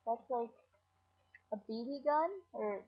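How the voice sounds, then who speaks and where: A high, husky-edged woman whose voice leaps up and down as she rambles to her webcam, giggly and foul-mouthed. She talks at an unhurried pace, and the audio sounds muffled and lo-fi. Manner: giggly, scattered and profane. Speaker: vlogger. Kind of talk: rambling casual webcam chat. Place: at home indoors.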